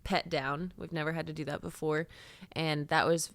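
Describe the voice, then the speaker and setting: Lively, laughing woman podcast host. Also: low-pitched, moderate pace, gravelly, no room sound. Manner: animated storyteller, laughs often. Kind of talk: casual chat. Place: home studio, seated on a couch.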